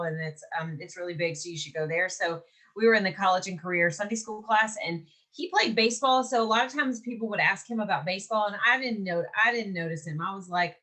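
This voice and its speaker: A woman in her forties from Mississippi co-hosts a podcast, telling a story in a lively, chatty way with a mid-range voice. She laughs often and acts out what people said, keeping the storytelling casual and animated.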